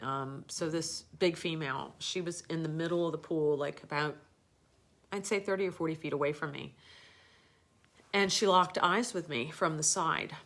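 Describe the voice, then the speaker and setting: Middle-aged female host with a low voice; loose, rambling storyteller. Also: a bit bright. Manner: rambling, with many fillers and restarts. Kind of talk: casual storytelling on a live show.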